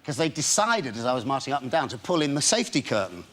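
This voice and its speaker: A man's voice: medium pitch, fast. A man telling a rowdy anecdote as a chat-show guest, laughing as he goes and acting out the scene. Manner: animated, laughing through his story, acting it out. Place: television studio.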